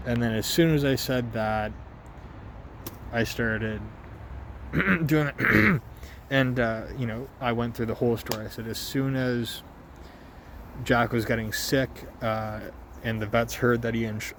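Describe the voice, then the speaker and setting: Man, mid pitch, slow and halting delivery, personal journal vlog, faint background noise. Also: a bit bright. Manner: halting, slow, emotional storytelling with many restarts. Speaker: vlogger. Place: outdoors with his dog.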